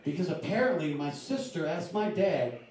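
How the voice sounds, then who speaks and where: A man's voice: a little high, lively intonation, moderate pace, a little mellow. A young man from Louisiana doing a stand-up comedy set on a club stage, casual and confiding with punchy delivery. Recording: echoey club room from far off.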